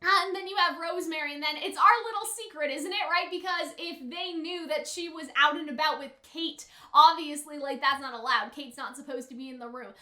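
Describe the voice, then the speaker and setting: A young woman with a high, bright voice chatting her way through an anime episode. Her talk is loose and filler-heavy, and she keeps slipping into quick impressions of the characters. The room around her adds a noticeable echo. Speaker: anime reaction YouTuber. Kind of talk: casual commentary over an episode.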